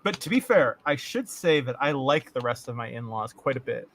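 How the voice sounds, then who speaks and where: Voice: medium pitch, expressive, moderate pace, fairly bright tone, a little hiss or hum. A podcast co-host from Canada chatting casually, telling profane stories and laughing often. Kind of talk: casual chat.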